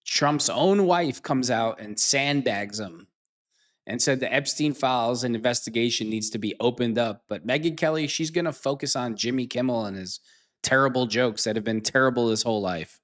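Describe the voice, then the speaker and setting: A man's voice: mid-range voice, moderate pace, a bit bright. Male podcast host reacting to clips, sarcastic and mocking. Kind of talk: reaction commentary.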